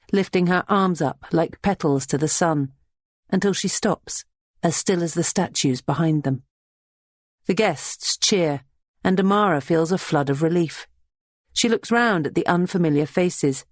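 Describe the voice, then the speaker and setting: This scripted narration of a historical novel comes from an audiobook narrator with a middle-pitched voice and an even, steady delivery. The recording is dry and close-miked.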